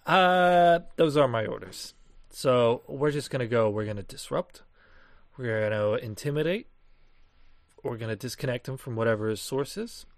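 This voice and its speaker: A man's voice: medium pitch, lively intonation, moderate pace, no echo, close to an everyday voice. A hired male enforcer, played by a man, matter-of-fact about his orders and prone to stumbling fillers. The recording is dry and close.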